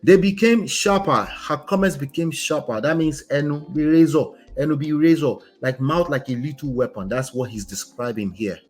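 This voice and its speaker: A man's voice: mid-range voice, moderate pace, hardly any pauses, darkish tone. A man, a relationship coach host giving casual, emphatic commentary and often asking "right?". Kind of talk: casual commentary on a reader's story.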